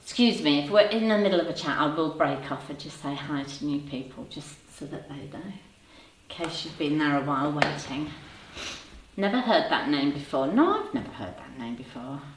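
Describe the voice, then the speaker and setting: A woman's voice: low-pitched, lively intonation, normal speed. A woman in her fifties hosting a casual livestream, chatting and teasing viewers in the chat. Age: 50s. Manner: chatty, teasing, laughs often. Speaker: livestream host reading chat. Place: home room. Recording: roomy sound, voice a bit far from the mic.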